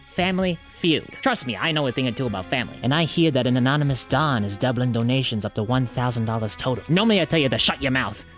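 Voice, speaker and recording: A man's voice: mid-range voice, fairly bright tone, lightly acted. Guy doing a wholesome mob boss, bossy streetwise gangster talk, scripted skit. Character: tough-talking male mafia boss, gruff but wholesome.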